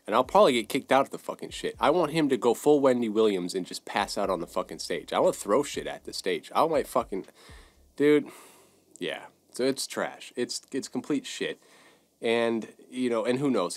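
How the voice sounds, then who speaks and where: A man's voice: fairly low pitch, no echo. Profane ranting male podcast host. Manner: heated, profane, repetitive ranting. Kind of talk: casual sports rant.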